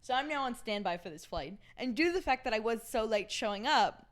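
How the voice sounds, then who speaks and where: A young American woman co-hosting a podcast, telling a travel story in casual chat, animated, laughing often and acting out the voices of the people she quotes. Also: a little high, brisk. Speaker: podcast co-host.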